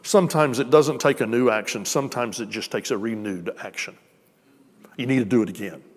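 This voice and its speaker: A man's voice: medium pitch, a little fast. Preacher man in a reverberant hall. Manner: conversational, joking with the congregation. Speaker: pastor. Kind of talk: sermon. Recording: long reverb of a church hall.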